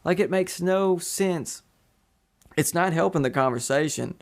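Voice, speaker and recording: A man's voice: on the high side, a little slow. A man hosting a podcast in casual chat, rambling with many fillers and restarts. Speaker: podcast host.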